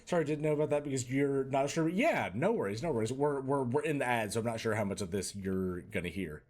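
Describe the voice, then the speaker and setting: Quick-paced and animated, a man with a mid-range, slightly mellow voice provides live gaming commentary. Using a put-on Boston and New York accent, he chats with viewers while playing and tosses out mock-tough asides.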